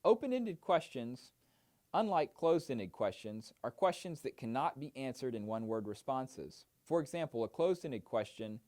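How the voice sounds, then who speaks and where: A man giving an instructional talk on mentoring techniques, explaining steps clearly with frequent "uh" fillers. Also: mid-range voice, sing-song, normal speed, darkish tone. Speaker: mentor trainer. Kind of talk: instructional narration.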